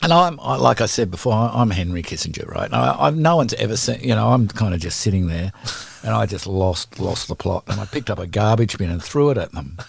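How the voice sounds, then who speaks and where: Podcast guest, Australian man, husky and gravelly, lively anecdotal storyteller, dry close sound. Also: fairly low pitch, a little fast, no room sound. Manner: animated, swears freely, acts out quotes. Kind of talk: casual storytelling.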